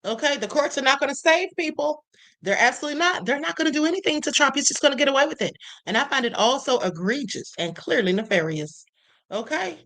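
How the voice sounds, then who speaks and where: A woman hosts a live stream with a bright, clear voice that sits a bit high. She talks emphatically in casual political chat and often calls her listeners honey and beloved. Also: expressive, fast. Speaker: live-stream show host. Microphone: live-stream setup.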